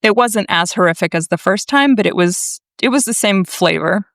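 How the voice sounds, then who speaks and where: A woman from Massachusetts, a naturopathic doctor, telling her story to a podcast host in a blunt, animated way. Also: medium pitch, moderate pace, no room sound, studio quality. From Massachusetts, USA. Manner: animated, emphatic, blunt, swears freely. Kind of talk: conversational storytelling.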